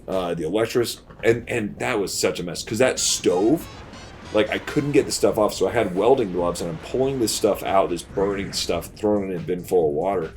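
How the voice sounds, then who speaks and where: A man's voice: low voice, brisk, soft background music. A man hosting a game playthrough, telling a long story casually and laughing through it. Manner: animated, laughs through his own story. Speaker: let's play host. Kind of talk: casual storytelling over gameplay.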